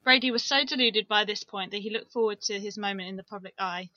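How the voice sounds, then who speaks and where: A woman's voice: mid-range voice, quick pace, bright, forceful tone, no room sound, dull audio. A young woman, co-hosting a casual true-crime podcast, with blunt, swearing remarks. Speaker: podcast co-host.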